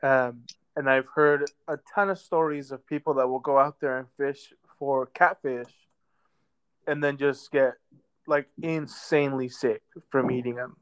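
A man co-hosting a casual podcast, laid-back and drawn-out, with many ums. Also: medium pitch, steady tone, fairly bright tone, smooth. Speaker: podcast co-host. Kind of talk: casual chat. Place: lives in a southern US metro area.

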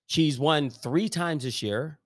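A man's voice: fairly high pitch, slow pace, no echo, clean studio sound. A man co-hosting a casual golf podcast, enthusiastic and rambling, often trailing off mid-thought. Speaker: podcast co-host.

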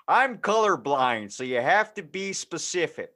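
A man's voice: on the high side, sing-song, measured pace, sharp tone, full character voice. A man voicing a senile, tech-clueless old dad in an improvised comedy scene, bumbling and folksy.

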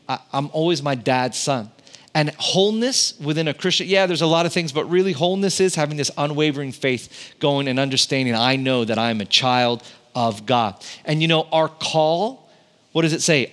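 This is a thirties-aged pastor whose medium-pitched, fairly bright voice carries a storytelling sermon. He slips into impressions of his family and ramps up the intensity whenever he hits an important point.

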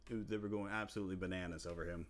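A man with a fairly low voice spins a rowdy story in loose, casual podcast talk. He swears freely, laughs a lot and jumps into playful imitations of his friends. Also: fairly even intonation, racing. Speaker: podcast co-host.

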